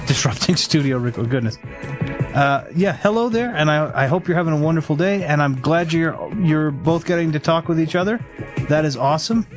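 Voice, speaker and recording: A man's voice: fairly high pitch, brisk. Chatty male let's-player, laughs easily, thinking aloud, with background music. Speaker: gameplay streamer. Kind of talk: casual let's-play commentary.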